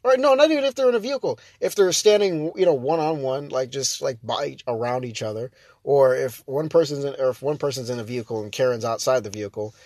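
A man's voice: medium pitch, fast talker, a little mellow, no room sound. A man ranting in a casual monologue, exasperated and rambling, with many fillers and restarts. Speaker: vlogger.

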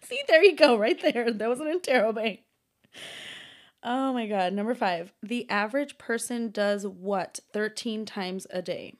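Giggly young woman thinking out loud. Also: a little high, measured pace. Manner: giggly, bursts into loud laughter; thinks out loud, stumbles over hard words. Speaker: vlogger doing a quiz alone. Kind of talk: casual chat to camera.

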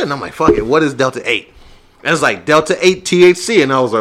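Animated, profane man telling a story. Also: a little high, fast. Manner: animated and profane, acts out his own reactions in quotes. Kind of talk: casual storytelling chat.

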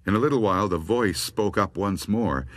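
A man reading scary stories aloud, slow and expressive. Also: fairly low pitch, dry recording. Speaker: storyteller.

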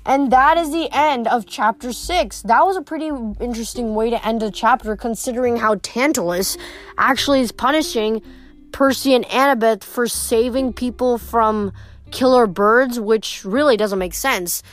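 A woman's voice: on the high side, normal speed. A woman reading a novel aloud in a plain, unpolished way, with small slips and restarts. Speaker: reader.

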